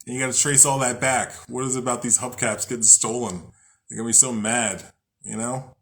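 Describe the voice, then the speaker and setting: A man's voice: mid-range voice, fairly even intonation, a little fast, a bit bright. A man hosting a casual spiritual talk, rambling, joking and swearing freely as he reads from a book. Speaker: host.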